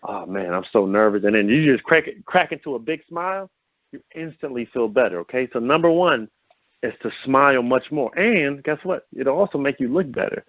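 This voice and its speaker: An upbeat male coach talks through a group call with lively pitch swings, peppering his listeners with rhetorical questions. His voice has a medium pitch and comes over dull, lo-fi phone-call audio with a dry, close sound. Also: no room sound. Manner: lively pitch swings to show vocal variety. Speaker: host of a confidence coaching call. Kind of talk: motivational teleconference talk.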